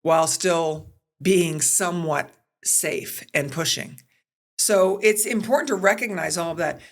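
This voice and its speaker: Speaking at a measured pace in a lowish voice, a middle-aged sports broadcaster and producer appears as a podcast guest. She's an animated, conversational storyteller who performs the quotes in her tales.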